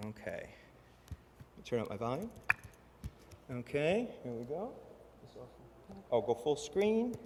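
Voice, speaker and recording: A man giving a conference talk, telling a story in an animated way and acting out the voices of the people in it. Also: on the high side, big-room sound, a little hiss or hum. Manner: animated, acts out quoted voices. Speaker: conference speaker.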